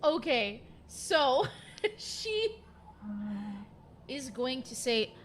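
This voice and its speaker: A woman's voice: high voice, big pitch swings, very slow, pauses often, a little hiss or hum. A woman playing a tabletop role-playing game, chatty and giggly, describing her cat character's actions. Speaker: player. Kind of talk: casual tabletop play.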